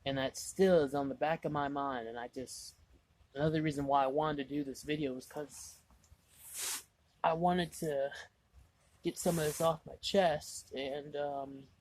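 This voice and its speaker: A man's voice: a little high, fairly even intonation, unhurried, darkish tone. A man vlogging casually, rambling through a story with lots of "I was like" asides, exasperated and mocking himself.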